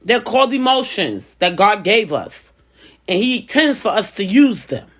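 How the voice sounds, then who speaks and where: Bright-toned and very animated, a woman with a medium-pitched voice talks at a moderate pace. It's a casual personal vlog where she preaches life advice conversationally and keeps circling back to the same phrases.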